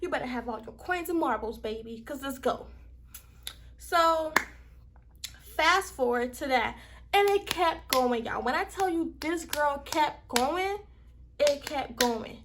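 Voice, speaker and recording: A young woman from Miami with a Southern accent, telling a workplace story in a casual, heated, animated way. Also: sits high, takes it slowly, noisy background. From Miami, Florida. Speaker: vlogger.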